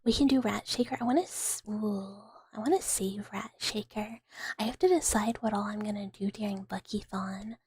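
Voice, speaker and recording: A woman from the American South, chatting in a whispered ASMR live stream. She whispers softly and rambles, with many fillers. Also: medium pitch, normal speed, breathy edge, no echo. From Southern United States.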